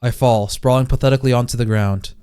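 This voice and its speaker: A man's voice: mid-range voice, fairly even intonation, quick pace, warm tone, clean tone. A man reading a visual novel aloud in a dramatic voice, breaking off with laughing reactions, game music behind him. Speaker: let's play streamer.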